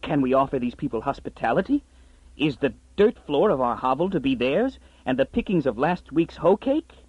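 A man's voice: mid-range voice, big pitch swings, moderate pace, husky, dry recording, highs cut off. A man voicing a flustered, anxious old peasant woman. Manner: anxious, fretful.

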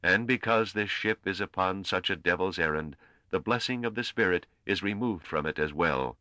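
A man voicing a stately priest who solemnly strips a commander of his command in the name of a higher spirit, in an audiobook. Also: moderate pace, bright, forceful tone, no echo. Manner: grave, intoning, commanding.

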